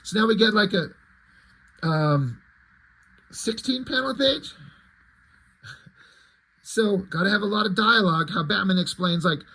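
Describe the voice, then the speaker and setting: A man's voice: high-pitched, a little slow, long pauses, pushed and bright. A man reviewing comics in casual, profane, self-deprecating commentary that rambles.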